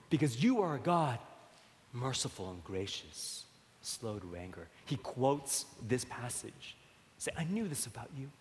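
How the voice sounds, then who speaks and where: A man delivers a sermon in a mid-pitched voice, talking conversationally and posing rhetorical questions. He often lowers his voice to a soft, tender tone. His words ring out with a long reverb, as in a church sanctuary. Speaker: pastor.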